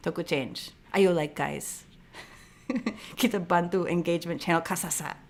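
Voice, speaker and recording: A woman's voice: on the low side, normal speed. A woman from Canada hosting a casual live stream, thinking aloud and reading viewer comments. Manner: chatty, thinks aloud with fillers. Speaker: livestream host.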